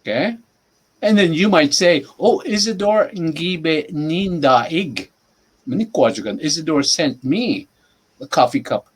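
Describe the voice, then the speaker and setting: A husky-voiced man in his sixties who teaches words on a podcast. He speaks very slowly and a little high for a man, and he patiently repeats every word. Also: animated. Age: 60s. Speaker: language teacher.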